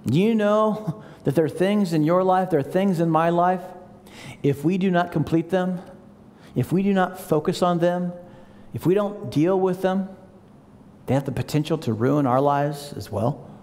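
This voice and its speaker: A man preaching in a big church hall, his fairly high voice ringing with a long reverb. He jumps into the voices of the people he quotes and brings the congregation in to repeat lines back with him. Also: moderate pace, darkish tone. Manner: leads the congregation in call-and-response. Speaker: pastor. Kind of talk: sermon.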